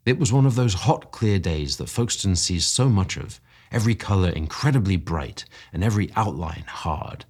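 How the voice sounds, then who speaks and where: A man reading a classic story aloud in a measured, expressive narration. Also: low voice, slightly rough. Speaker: story reader. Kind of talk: audiobook narration.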